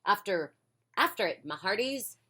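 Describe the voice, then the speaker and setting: A woman voicing a loud, boisterous male pirate captain with swaggering pirate talk, in a children's storybook reading. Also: medium pitch, animated, normal speed, husky. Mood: commanding.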